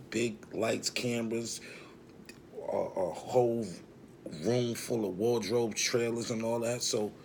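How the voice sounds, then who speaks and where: A man's voice: lowish voice, gravelly, a little hiss or hum. A man telling a long, rambling, profane story about his past in a casual way.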